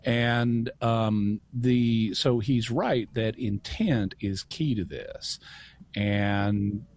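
A man answering questions as a radio show's regular expert, measured and precise with a dry wit. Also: on the low side, darkish tone, a little hiss or hum. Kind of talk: explanatory talk-show answers.

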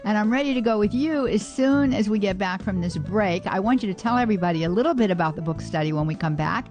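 A woman hosting a radio talk show, chatting casually with listeners and often pausing on "uh" fillers. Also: medium pitch, expressive, dull audio, music in the background. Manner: chatty and warm-hearted, many "uh" fillers, laughs easily.

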